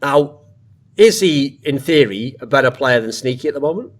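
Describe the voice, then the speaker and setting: Man, podcast host, casual panel chat, emphatic, rambling asides, mid-pitched voice. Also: expressive, brisk. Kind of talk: casual esports panel discussion.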